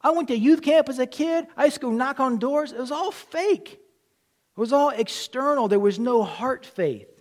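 High-voiced animated man preaching. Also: normal speed. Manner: animated storyteller, acts out quotes, drops to near whisper. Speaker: pastor. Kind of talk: sermon with personal stories.

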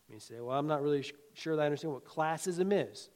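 Folksy preaching man, fairly high voice. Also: animated, brisk, few pauses. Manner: folksy, conversational preaching with chuckles; swings between loud emphatic lines and quiet asides. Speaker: pastor. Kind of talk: sermon.

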